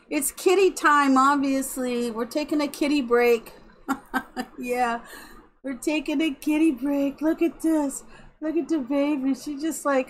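A middle-aged woman chatting slowly while streaming a building game at home, talking sweetly to her cat. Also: high voice, a bit bright, slight background noise, poor audio. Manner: slow and chatty, cooing baby talk to her cat. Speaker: live streamer. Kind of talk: casual game-stream chat.

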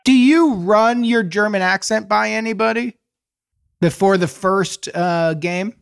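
A man's voice: high voice, unhurried, creaky, smooth, no echo, studio quality. Man asking mock-serious leading questions. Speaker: co-host. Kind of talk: comedic advice podcast banter.

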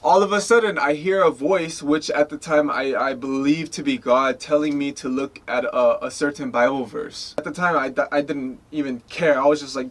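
A man's voice: on the high side, moderate pace, hardly any pauses. A man in his twenties from the United States, a guest telling stories in a casual interview, acting out quoted lines with lots of "like" and "you know". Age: 20s. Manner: animated storyteller, acts out quoted lines.

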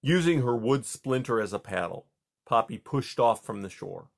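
A man reading a children's novel aloud. His voice sits at a middle pitch, and he takes the narration at an unhurried, measured pace. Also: lively intonation, vocal fry. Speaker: reader.

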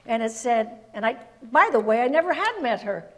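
An older woman from Puerto Rico, a guest telling lively stories in an interview and laughing often. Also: on the high side, a little fast. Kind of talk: anecdotal storytelling in an interview.

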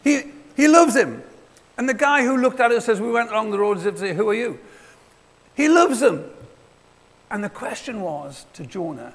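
A man preaching in a church, his voice high and animated, sliding up and down as he talks. He has a gravelly edge to his tone and often acts out short dialogues. A long reverb from the hall trails after his words. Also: normal speed. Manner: conversational, acts out little dialogues. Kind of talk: sermon.

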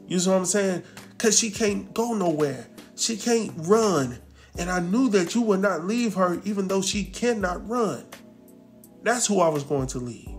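A man casually recapping a drama episode, acting out the characters' lines and talking back to them. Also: high-pitched. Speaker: TV recap host.

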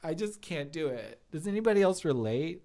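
A man's voice: a little high, lively intonation, moderate pace, creaky, warm tone. Man doing a chatty young waitress, giggly and rambling, voice bouncing up and down a lot. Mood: gushing. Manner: rambling, giggly, lots of "like" fillers. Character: chatty young woman restaurant lead server, bubbly. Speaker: live-stream comedy host in character. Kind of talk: improvised character comedy.

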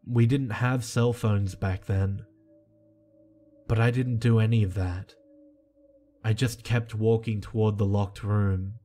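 A man reading a creepy first-person horror story in a slow, hushed and tense way. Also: lowish voice, steady tone. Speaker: narrator. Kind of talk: scripted horror narration. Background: soft music.

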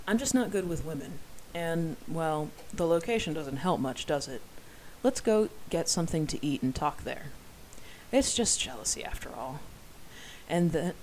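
An amateur narrator reading a first-person novel aloud, dropping wry, self-deprecating asides. The pitch sits in the middle, with a faint hiss behind the voice. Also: rough recording.

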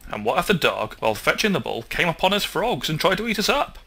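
A man's voice: fairly high pitch, sing-song, fast, gravelly, pushed and bright, voice pushed up, full character voice. A man voicing a cautious male frog who earnestly reasons through his fears. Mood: insistent. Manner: earnest, patient, reasoning through what-ifs.

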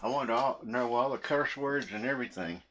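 A man's voice: medium pitch, brisk, a bit bright, a little hiss or hum. A man telling meandering stories while he cooks in his kitchen, chuckling often between sentences. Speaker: cooking vlogger. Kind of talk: rambling story told while cooking.

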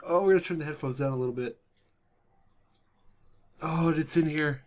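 A young man commentating a horror game at his computer, swinging from hushed whispers to panicked yelps and swearing. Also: fairly high pitch, moderate pace. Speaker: gaming channel host. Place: at home at a computer with headphones on.

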